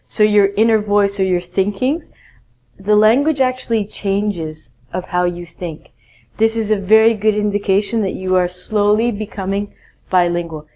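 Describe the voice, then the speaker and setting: A woman with a mid-range, dark-toned voice teaches an English grammar lesson at a moderate pace. She is patient and encouraging, stretching out her words in a slow, clear way.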